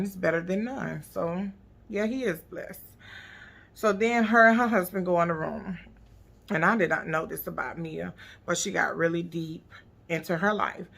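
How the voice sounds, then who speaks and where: A woman's voice: lowish voice, gravelly, a bit bright. A woman recapping a reality TV episode in blunt, profane, sassy casual commentary. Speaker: TV recap vlogger.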